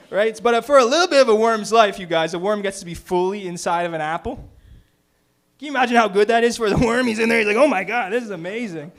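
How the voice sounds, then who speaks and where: Brief: male comic with a high voice, quick and excited delivery. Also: gravelly. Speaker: stand-up comedian. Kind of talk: stand-up comedy set.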